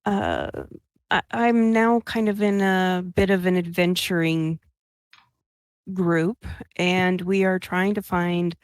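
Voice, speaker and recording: A woman player describing her character's actions in a tabletop game, halting with fillers. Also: fairly low pitch, steady tone, no room sound, clean studio sound.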